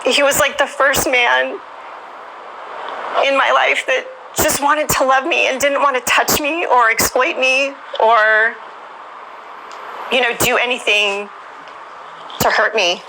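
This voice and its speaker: A woman's voice: sits high, fairly even intonation, takes it slowly, vocal fry, pauses often, background noise. A woman being interviewed, frankly recounting her own past in a conversational way, with many "you know"s. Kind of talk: candid personal testimony.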